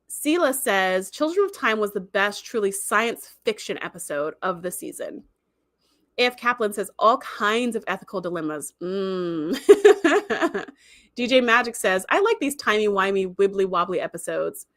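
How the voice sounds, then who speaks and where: A woman's voice: mid-range voice, a bit bright. A woman hosting a casual livestream, chatting in a rambling way and reading viewer comments aloud. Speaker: livestream host.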